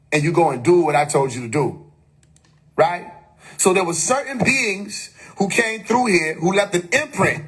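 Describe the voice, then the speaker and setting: A man's voice: high-pitched, lively intonation, moderate pace, a bit bright, soft background music. A man on a phone live stream giving an emphatic, preachy spiritual monologue, full of rhetorical questions and casual swearing.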